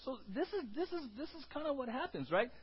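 A male pastor giving an animated sermon, with sudden shouts and calls for the congregation to answer. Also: very high-pitched, brisk, lo-fi sound.

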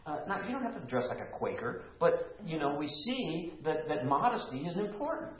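Teaching with emphasis and questioning the people gathered with him, a man leads a small-group Bible study in a room. His fairly high voice is sing-song and moderately paced, and the echoey, lo-fi recording carries a little hiss or hum.

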